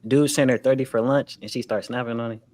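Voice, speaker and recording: A man hosting a casual podcast, steering the talk between clips in a relaxed way. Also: medium pitch, fast talker, no room sound. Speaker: podcast host. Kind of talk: casual chat.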